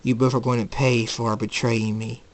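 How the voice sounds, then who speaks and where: A man's voice: mid-range voice, flat delivery, moderate pace, close to an everyday voice, low-quality recording. Storybook villain, read by a man; sneering, taunting, plain voice. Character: cold sneering male villain.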